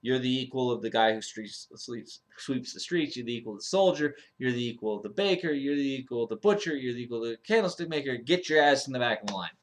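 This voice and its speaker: A man's voice: mid-range voice, expressive, lightly acted. A man doing a brusque, casual gatekeeper angel. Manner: casual, blunt, fast list-making. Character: brusque, easygoing male angel at heaven's gate.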